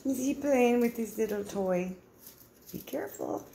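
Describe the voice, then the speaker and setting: A woman's voice: on the high side, unhurried, gravelly, mellow, slight background noise. A woman talking baby talk to her pets at home, coaxing them in a cooing sing-song and laughing often. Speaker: pet owner filming her pets. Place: home indoors.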